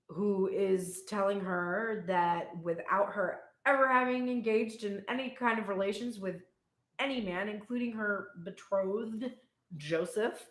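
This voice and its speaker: A woman's voice: mid-range voice, fairly bright tone. A young woman reading tarot in a casual, irreverent and profane way, laughing as she tells stories. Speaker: tarot reader. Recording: echoey room.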